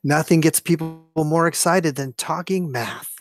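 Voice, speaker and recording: A co-host reading out multiple-choice answers with jokey, drawn-out delivery. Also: mid-range voice, dry recording, studio quality. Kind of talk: jokey banter.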